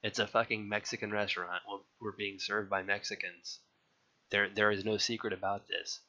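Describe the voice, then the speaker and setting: A man's voice: on the low side, flat delivery, moderate pace, sharp tone. A young man frankly recalling his childhood in a rambling, casual way, with many restarts and some swearing. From California. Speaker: interviewee. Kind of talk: casual personal recollection. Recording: dull lo-fi sound.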